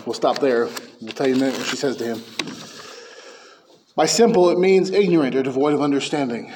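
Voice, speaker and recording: A man preaching a sermon as pastor, fervent and emphatic, dropping to hushed lines and rising to loud peaks. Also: medium pitch, a little fast, a little hiss or hum.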